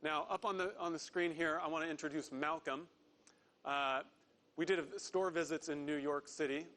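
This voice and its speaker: A man's voice: on the high side, steady tone, a bit bright. Earnest male executive presenting on stage. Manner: earnest, slows down to stress key words. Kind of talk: prepared corporate presentation.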